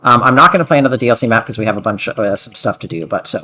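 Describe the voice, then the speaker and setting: A man's voice: mid-range voice, rapid-fire, bright, forceful tone, soft background music. A man streaming a game, talking in a hesitant, rambling way with many fillers as casual commentary.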